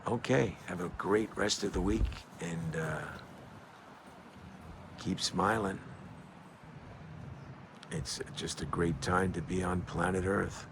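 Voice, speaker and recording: An older man talking in a casual, rambling monologue outdoors, halting often with fillers and restarts. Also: sits low, fairly even intonation, background noise. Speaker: vlogger.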